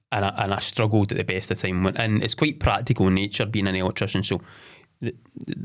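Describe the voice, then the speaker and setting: A man in his forties telling his own story as a podcast guest, candid and halting, often repeating words and starting over. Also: fairly low pitch.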